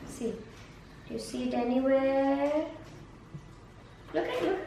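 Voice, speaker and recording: A woman's voice: high-pitched, a little slow, vocal fry, pauses often, darkish tone. A woman teacher guiding a student through a map lesson one on one, patient and coaxing, repeating prompts and praise. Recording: echoey room from far off, faint noise.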